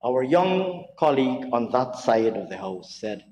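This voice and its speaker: A member of parliament gives a mocking, theatrical speech in a budget debate, repeating phrases for emphasis in a large parliament chamber. His medium-pitched voice is sing-song, unhurried and darkish in tone. The recording has long, echoey chamber reverb and a little hiss or hum.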